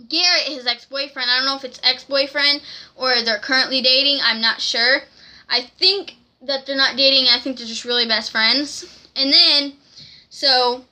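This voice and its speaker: A young woman telling an excited, rambling story to camera in a casual vlog, often giggling. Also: sits high. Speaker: vlogger.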